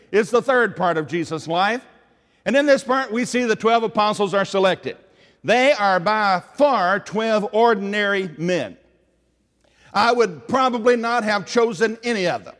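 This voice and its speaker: This sermon comes from a man with a high, fairly bright voice and a Tennessee Southern accent, with a long reverb tail on the recording. He keeps it earnest and conversational, regularly turning questions to his listeners.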